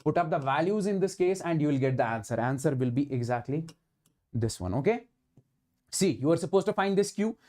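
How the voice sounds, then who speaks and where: High-pitched with a somewhat dark tone, an Indian man teaches physics online to exam students. His delivery is emphatic and full of repeated key phrases meant to keep the class following along, with Hindi words sprinkled through his English during problem-solving.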